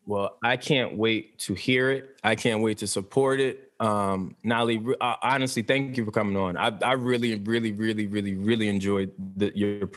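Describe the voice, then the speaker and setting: A man's voice: fairly low pitch, steady tone, moderate pace, hardly any pauses. A man hosting a podcast in casual chat with an American accent, restarting and repeating words as he talks. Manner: stammering restarts, emphatic repetition. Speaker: podcast host.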